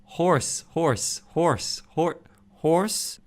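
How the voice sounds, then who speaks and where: A young man with an Irish accent chatting casually and reacting to a quiz, self-mocking and animated. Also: a little high, extremely slow. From Ireland. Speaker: YouTuber. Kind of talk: casual vlog commentary.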